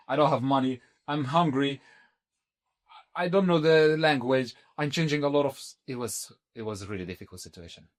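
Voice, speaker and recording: A man of middle pitch telling his own story on a podcast. His delivery is animated and a little halting, with restarts mid-sentence and sudden jumps up in pitch when he acts out what people said. It sounds like casual talk. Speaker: podcast guest.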